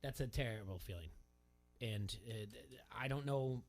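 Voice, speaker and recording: Male radio host, mid-pitched, loose rambling talk-show delivery. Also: unhurried. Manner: rambling, self-questioning, conversational.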